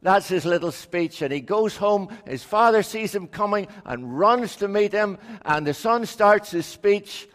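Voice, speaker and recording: A man giving a storytelling sermon, playfully acting out the quotes. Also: high-pitched. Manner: slow, playful, acts out quotes. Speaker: preacher. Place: church. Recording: echoey hall.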